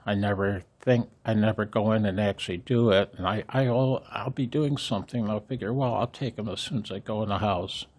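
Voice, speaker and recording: An older man in an earnest, halting personal vlog, emotional, with rueful laughs between his words. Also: lowish voice, darkish tone. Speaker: amateur radio vlogger.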